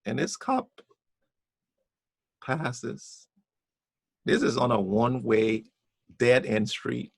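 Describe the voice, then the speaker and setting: A man's voice: medium pitch, slow, gravelly, pauses often, breathy edge, no room sound. A man chatting casually on a podcast, telling a personal story with lots of repeated words and restarts.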